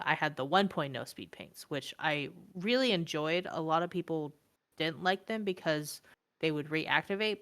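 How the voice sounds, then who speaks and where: A woman's voice: deep voice, a bit bright. A young woman co-hosting a stream, chatting casually with lots of fillers. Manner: rambling, filler-heavy, laughs often. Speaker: stream co-host. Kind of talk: casual chat about miniature painting.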